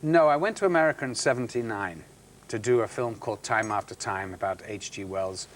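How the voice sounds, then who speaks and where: Middle-aged male guest, anecdotal storyteller, stumbles and restarts, mimics others. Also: fairly low pitch. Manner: halting restarts, acts out quoted voices. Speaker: actor guest. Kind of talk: anecdotal chat show storytelling.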